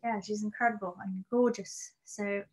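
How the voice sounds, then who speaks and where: A young British woman, an actress, chatting as a guest on a podcast in a soft, hesitant, modest way. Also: medium pitch, fairly even intonation, normal speed. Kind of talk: casual interview chat.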